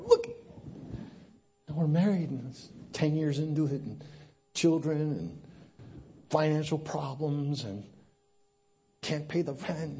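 Male preacher, husky voice, lively slightly high pitch, conversational sermon that drops quiet then builds to emphasis. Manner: conversational, swings between hushed and emphatic. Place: church.

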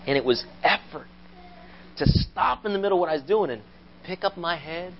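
A man preaching a sermon, telling stories with animated delivery and loud quoted voices. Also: sits high, fairly quick, highs cut off, a little hiss or hum. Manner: animated storytelling, rising to loud acted quotes. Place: church.

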